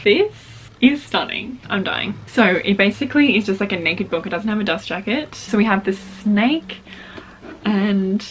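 A woman's voice: medium pitch, animated, moderate pace, slight background noise. A young woman filming a book unboxing, gushing and gasping as she shows each item. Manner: gushing, gasps often, repeats "oh my gosh". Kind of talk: excited unboxing chat.

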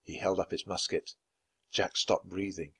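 A man reading a children's storybook aloud for English learners in a clear, steady, measured way. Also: deep voice. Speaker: storybook reader.

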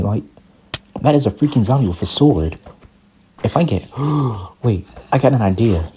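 A young man giving casual, excitable commentary while playing a block-building game, often panicking and talking to his viewers. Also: on the low side, measured pace, faint music behind. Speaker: gaming YouTuber. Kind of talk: casual Minecraft let's play commentary.

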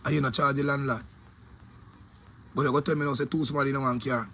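A man's voice: medium pitch, fairly even intonation, fast, fairly bright tone, a little hiss or hum. A man with a Jamaican accent, a DJ delivering an angry, profane, repetitive rant about his opinions. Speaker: DJ giving opinions.

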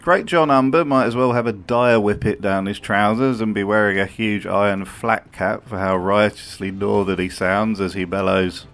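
A man's voice: lowish voice, steady tone, moderate pace, hardly any pauses, a bit bright, soft background music. Sarcastic, profane male commentator. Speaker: video commentator. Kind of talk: scripted commentary.

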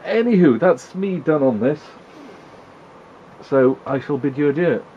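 A man's voice: a little high, lively intonation, unhurried, muffled recording, slight background noise. A man giving wry, chatty commentary while playing an old video game, teasing the characters on screen. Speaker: retro gaming video host. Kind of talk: casual gameplay commentary.

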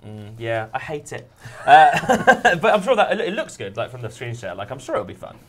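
A man's voice: medium pitch, wildly swooping pitch, moderate pace, a bit bright. A British man chatting casually about a game as a studio guest, joking around and reading aloud with mock drama. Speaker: guest gamer. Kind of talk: casual gaming chat.

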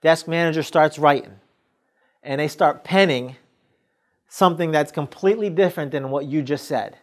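A man's voice: on the high side, moderate pace. Emphatic male sales coach. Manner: acts out sales scenes with quoted dialogue; emphatic, coaching directly to the listener. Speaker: sales trainer. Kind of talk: motivational sales training talk.

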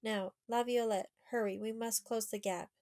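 A woman's voice: fairly high pitch, steady tone, moderate pace, a little mellow, natural voice, rough recording. A woman voicing a bold young girl commanding. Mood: urgent. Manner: urgent, giving orders. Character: brave commanding fourteen-year-old girl.

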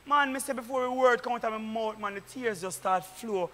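A man with a Jamaican accent, a deacon preaching fervently at a church meeting, often shouting. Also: very high voice, fairly quick. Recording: echoey church hall.

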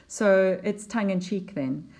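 Unhurried woman teaching a poem. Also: mid-range voice, darkish tone. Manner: explanatory, unhurried, with fillers and restarts. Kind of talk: poetry lesson over slides.

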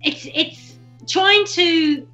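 A woman's voice: very high voice, extremely slow, sharp tone, dull audio, soft background music. A woman talking as a guest about running events, chatty and self-mocking, often acting out what people said. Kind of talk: casual interview chat.

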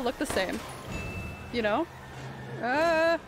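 A woman's voice: fairly high pitch, measured pace, music in the background. A woman streamer giving chatty live commentary while she plays, swearing and panicking in frantic bursts.

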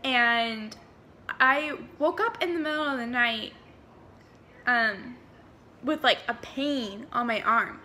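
A woman's voice: a little high, takes it slowly, long pauses, pushed and bright, a little hiss or hum. A young woman chatting through a paranormal storytime vlog, rambling and full of fillers. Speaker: vlogger.

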